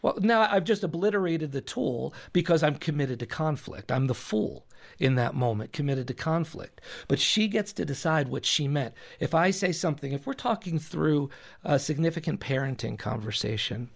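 Earnest pastor explaining with examples. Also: male voice, on the high side, expressive, moderate pace, creaky. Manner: explains with examples, repeats himself while thinking. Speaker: pastor, podcast guest. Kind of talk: earnest advice in a recorded talk.

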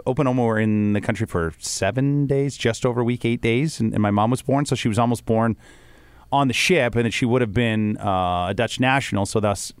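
A man's voice: medium pitch, a little fast, clear, resonant tone, no echo. A man who works in radio, rambling through a story in casual podcast chat with many restarts. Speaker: radio host.

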